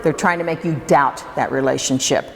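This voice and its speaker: A woman's voice: sits low, brisk, gravelly. A woman presenting a workshop to a live audience, talking conversationally and putting questions to the room. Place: hall with an audience. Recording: reverberant hall, faint room noise.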